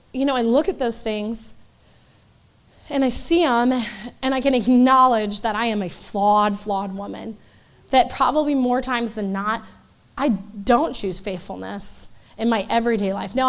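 A woman in her forties giving a conversational sermon to a church group, animated and acting out voices in asides. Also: on the high side. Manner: animated, acts out quoted voices, loose asides. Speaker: church speaker.

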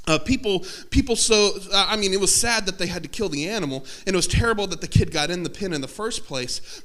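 Guy giving a workshop talk, high bright voice, super energetic, jokes around and laughs a lot. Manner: energetic, joking, laughs often. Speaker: campus ministry workshop speaker.

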